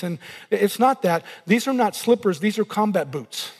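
A middle-aged male pastor preaching a sermon, animated and acting out inner voices as he goes. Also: high-pitched, brisk, long reverb tail.

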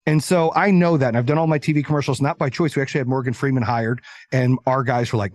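A man telling stories as an interview guest, talking in an energetic, emphatic, animated way. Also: mid-range voice, a little fast, no room sound. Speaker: podcast guest, entrepreneur. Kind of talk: casual interview storytelling.

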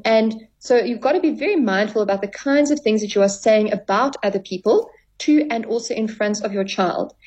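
A woman's voice: medium pitch, darkish tone, rough recording. A woman therapist as a radio guest, explaining at length and acting out dialogue with clients. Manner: explanatory, acts out quoted dialogue. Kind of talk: radio interview.

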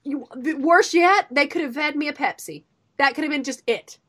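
At a moderate pace, the high-pitched middle-aged woman banters on the radio show she co-hosts. She spins vivid stories and dramatizes all the quoted dialogue.

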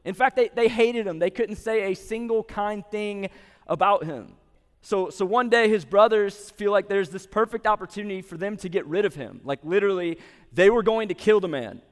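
High-voiced man preaching in an echoing hall. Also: normal speed, smooth. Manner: conversational, lots of "like", acts out quotes. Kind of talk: casual sermon retelling a story. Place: venue with a live audience.

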